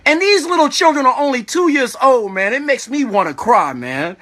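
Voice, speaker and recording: A man speaking live as a community activist, giving an impassioned, preachy talk with repeated rhetorical questions, emotional and at times shouting. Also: extremely high pitch, lively intonation, normal speed, hardly any pauses. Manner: preachy, repetitive rhetorical "all right?". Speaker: community activist and children's school organizer. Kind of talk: impassioned live-stream speech.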